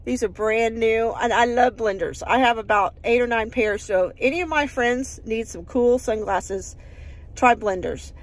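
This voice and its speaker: A woman's voice: a little high, measured pace. Upbeat folksy woman vlogging. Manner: folksy and upbeat, rambling with fillers. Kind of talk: casual chatty vlog. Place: outdoors in her yard.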